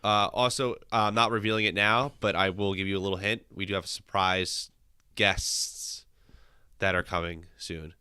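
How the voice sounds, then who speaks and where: A man's voice: low-pitched, fairly even intonation, normal speed, bright, forceful tone, clear, resonant tone, no room sound, studio quality. A man co-hosting a podcast while sick, rambling casually with restarts. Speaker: podcast co-host. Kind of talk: casual chat.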